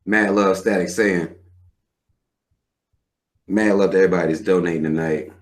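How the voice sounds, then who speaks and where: A man's voice: deep voice, fairly even intonation, moderate pace. A man in his thirties hosting a live show, ranting bluntly and with plenty of profanity. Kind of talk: livestream rant.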